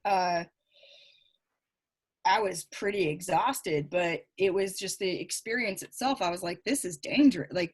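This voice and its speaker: A middle-aged woman, a psychic medium guest, chatting and telling stories in a casual interview. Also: fairly low pitch. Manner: chatty, animated storytelling with laughs.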